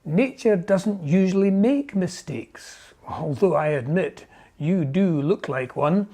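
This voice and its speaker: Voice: mid-range voice, expressive, slow, mellow. A reader voicing a vain, grand male peacock who speaks with lofty condescension, in a storybook reading.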